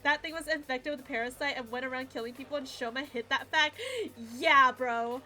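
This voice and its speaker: A woman's voice: sits high, fairly even intonation, a little fast, sharp tone. A young woman streaming a visual novel, ranting emotionally to her chat, swearing and near tears. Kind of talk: casual game commentary to chat. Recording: faint background game music. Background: game audio and music.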